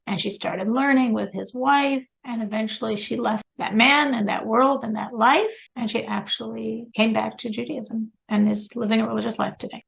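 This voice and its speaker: A woman teaching a religious class tells a story in a lively way, laughing between phrases. Her voice sits a bit high and has a gravelly edge. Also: rough recording. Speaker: teacher of a women's Torah class.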